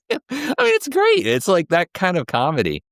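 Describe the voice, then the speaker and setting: A man's voice: sits high, wildly swooping pitch, moderate pace, creaky, a bit bright, dry recording, clean studio sound. A man co-hosting a casual movie review chat, talking enthusiastically and now and then quoting lines in playful voices. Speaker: co-host of a movie review show.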